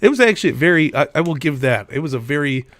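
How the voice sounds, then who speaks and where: A man's voice: on the high side, animated, very fast, a bit bright, no echo. Laid-back, cursing podcast guy. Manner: laid-back, swears freely. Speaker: podcast co-host. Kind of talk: casual wrestling podcast chat.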